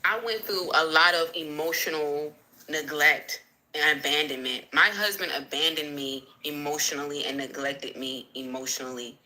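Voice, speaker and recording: Bright-voiced woman venting on a livestream. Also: low voice, moderate pace, low-quality recording. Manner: candid, emotional, talks back to viewers. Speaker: livestream host.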